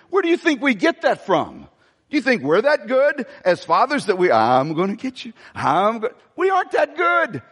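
Older male pastor, high and lively. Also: in a large hall. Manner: emphatic, folksy preaching with sudden pitch swings. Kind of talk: sermon. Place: church sanctuary.

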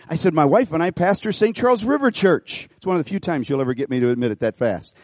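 A middle-aged man pastoring a church, preaching an animated sermon, folksy and full of repeated phrases as he tells a story. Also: sits high, fast, hardly any pauses, no echo, clean studio sound. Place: church auditorium.

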